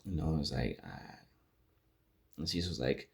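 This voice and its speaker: A man's voice: low-pitched, animated, moderate pace, long pauses. A man giving a casual, rambling spoken review of a TV episode, retelling scenes and acting out lines. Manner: rambling recap with restarts and acted-out quotes. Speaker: show reviewer. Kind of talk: casual commentary.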